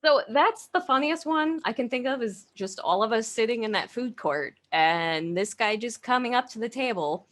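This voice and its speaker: Woman co-host, laid-back storyteller, expressive and swinging in pitch, quick to laugh, salty language. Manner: animated, laughing and swearing. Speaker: podcast co-host. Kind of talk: casual storytelling.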